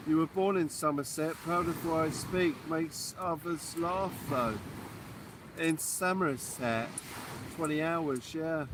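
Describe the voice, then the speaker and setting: A man's voice: on the high side, expressive, unhurried, background noise. A man hosting a live fishing stream outdoors at night, chatting and answering viewer comments. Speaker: fishing channel host. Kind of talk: casual live-stream chat.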